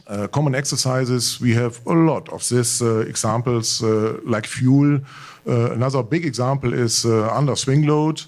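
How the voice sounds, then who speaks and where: A man's voice: mid-range voice, a little mellow. Hesitant man speaking with frequent fillers. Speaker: military panelist. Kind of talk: conference panel talk.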